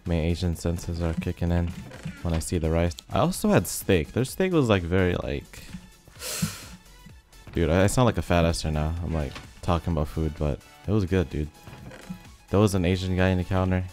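A young man giving relaxed, rambling commentary over a game, his voice a bit rough from being sick. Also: low-pitched, moderate pace. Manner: rambling, filler-heavy, laid-back. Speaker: gaming video host. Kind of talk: casual commentary over gameplay. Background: faint background music.

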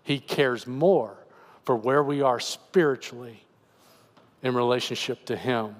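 A man's voice: medium pitch, unhurried, in a large hall. A man preaching as pastor, earnestly explaining scripture in a conversational voice. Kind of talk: sermon. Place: church sanctuary.

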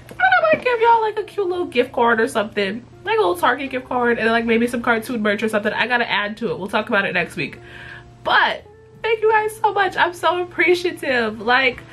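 A young woman with a stuffy, congested voice talks straight to camera in a loose, unscripted vlog. She is blunt and animated, swearing casually as she chats with her viewers. Soft music runs faintly underneath. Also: medium pitch. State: congested from illness. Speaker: YouTube vlogger.

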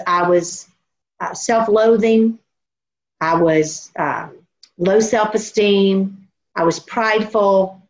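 A woman preaching a sermon in an earnest, storytelling way, slowing down to stress her points. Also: mid-range voice. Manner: earnest, storytelling, slows for emphasis. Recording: dull lo-fi recording.

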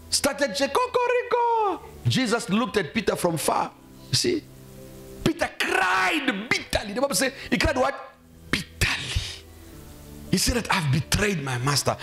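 A male pastor preaching in a church with a high, lively voice that leaps around as he makes his points. He quizzes the congregation with questions and acts out the people he quotes, keeping the delivery emphatic. Faint music hums in the background. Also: moderate pace, creaky. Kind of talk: sermon.

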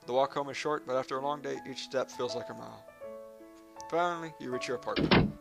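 A man's voice: medium pitch, fast, creaky, over music. A man playing a visual novel, reading the narration aloud and making crude jokes between lines. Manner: joking, crude, reacts loudly between calm narration. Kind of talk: let's play commentary and narration.

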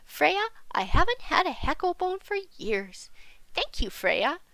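A woman voicing a kind, fancy female giant wolf who greets friends warmly and effusively. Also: sits high, very animated, measured pace, gravelly, no room sound, pitched above the performer's own voice, full character voice. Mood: fond.

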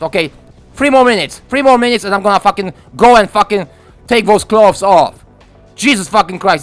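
Young man, gaming commentary, foul-mouthed and excitable, high bright voice, faint music behind. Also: fairly quick. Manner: profane, excitable, ranting. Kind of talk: live gameplay commentary. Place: room at home.

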